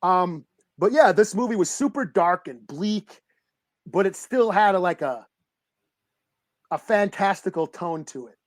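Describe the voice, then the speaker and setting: A man co-hosting a podcast, chatting casually about a movie, rambling, excitable and swearing freely. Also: high-pitched, a little slow, long pauses, no echo, clean studio sound. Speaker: podcast co-host. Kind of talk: casual movie review chat.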